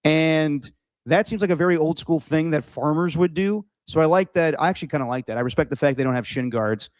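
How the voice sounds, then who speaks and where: A man's voice: fairly high pitch, fast talker, darkish tone, dry recording. A man co-hosting a sports podcast in casual chat, rambling with many "like"s and restarts. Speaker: podcast co-host.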